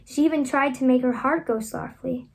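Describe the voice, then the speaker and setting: A woman reading a children's classic aloud at home, expressive and animated, lifting her voice for the children's lines. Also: high-pitched, normal speed. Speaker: reader.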